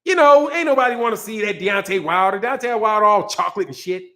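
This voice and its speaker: A man's voice: high voice, lively intonation, quick pace, sharp tone. A man hosting a boxing commentary channel, ranting in a heated, profane way, repeating himself and breaking into laughter.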